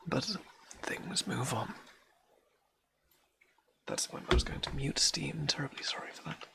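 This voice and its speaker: A man's voice: mid-range voice, lively intonation, a little slow, gravelly, in a whisper. A man reading poetry aloud on a live stream, working through dialect verse and correcting his own slips. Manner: reads Scots dialect verse aloud, stumbles and corrects himself.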